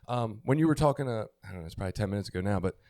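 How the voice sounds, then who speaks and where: Speaking very fast with lively intonation, this middle-aged podcast co-host has a voice on the low side and a darkish tone, recorded dry. On the recovery podcast he talks openly and candidly, hunting for words, frequently restarting, and occasionally swearing.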